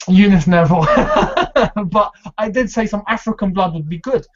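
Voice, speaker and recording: A man hosting a casual football fan chat, chatty and quick to laugh, with many fillers. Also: sits high, very animated. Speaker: fan channel host. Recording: dull lo-fi sound.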